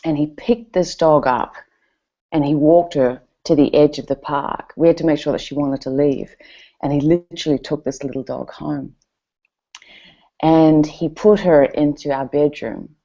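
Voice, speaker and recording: A middle-aged woman tells personal stories to an audience, animated and chatty. Her voice sits low and sounds warm and relaxed. The recording is dull and lo-fi. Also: measured pace. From New Zealand. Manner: animated, expressive, chatty with fillers. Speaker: event speaker. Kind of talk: personal storytelling talk.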